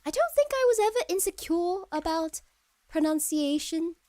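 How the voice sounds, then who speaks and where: High-voiced woman chatting softly on stream. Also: lively intonation, normal speed, no room sound. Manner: meandering and hesitant, with many fillers and restarts. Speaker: virtual streamer chatting with viewers. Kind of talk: casual live-stream chat.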